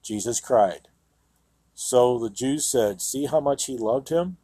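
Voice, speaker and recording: A man hosting a Christian radio program reads scripture aloud and adds sermon commentary, earnest and emphatic, often saying "you know." As a radio host and Bible teacher, he has a slow, mellow, mid-range voice with a breathy edge and no room sound.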